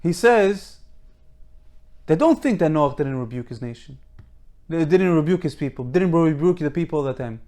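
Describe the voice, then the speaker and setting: A man's voice: a little high, expressive, normal speed, long pauses, mellow. A man giving an informal Torah lecture, emphatic and full of rhetorical questions, often restarting his sentences. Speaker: Torah teacher.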